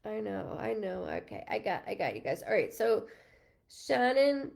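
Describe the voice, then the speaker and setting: A woman's voice: mid-range voice, very animated, normal speed, creaky, darkish tone. A woman medium doing live readings, chatting casually with viewers, thanking them by name with lots of ums and the odd swear word. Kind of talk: casual livestream chat with viewers.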